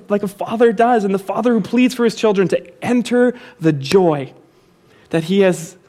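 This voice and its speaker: Man, high voice, pastor, sermon, emphatic, repeats key phrases. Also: a little mellow. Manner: emphatic preaching, repeats key phrases, asks the congregation to respond.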